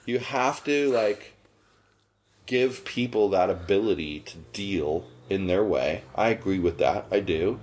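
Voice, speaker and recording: A man's voice: low voice, measured pace, slight background noise. A man hosting a podcast, ranting casually and getting worked up, his voice jumping up when indignant. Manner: animated ranting, rising sharply when indignant. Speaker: podcast host. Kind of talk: casual chat.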